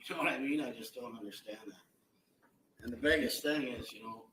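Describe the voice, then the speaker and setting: Middle-aged man, blunt and halting, bright forceful tone, courtroom feed with echo and distance. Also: medium pitch, a little hiss or hum. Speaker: victim's relative giving impact statement. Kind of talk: courtroom victim impact statement. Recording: echoey courtroom audio from far off.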